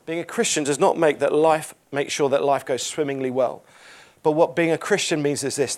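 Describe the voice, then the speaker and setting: A man's voice: medium pitch, a little mellow, slight background noise. A man preaching a sermon in church, earnest and emphatic, repeating phrases and reading scripture aloud.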